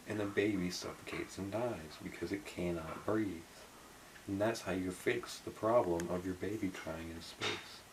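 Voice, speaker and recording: A young adult man chatting with a friend on camera, deadpan as he spins a dark joking story. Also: on the low side, background noise. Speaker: friend of the vlogger. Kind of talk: casual joking conversation.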